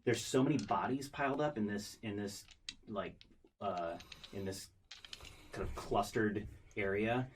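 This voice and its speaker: Casting: low-voiced man as a rambling game master, faint background hiss. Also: a little slow, pauses often, rough recording. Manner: rambling, full of fillers and restarts. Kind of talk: narrating a tabletop game.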